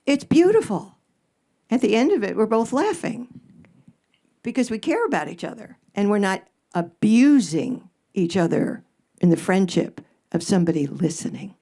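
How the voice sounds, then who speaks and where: A woman's voice: mid-range voice, very animated, moderate pace, warm tone. Blunt, sarcastic woman advice host. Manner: blunt, sarcastic, swears casually, punchy jokes. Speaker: radio advice host answering audience questions. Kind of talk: live stage Q&A. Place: live event in front of an audience.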